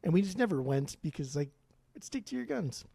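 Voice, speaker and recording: Forties dude, dark mellow voice, swears a lot, very dry mic. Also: male voice, fairly high pitch, big pitch swings, brisk, vocal fry, breathy edge, dry recording. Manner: blunt, profane, opinionated. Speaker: podcast co-host. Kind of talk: casual podcast chat.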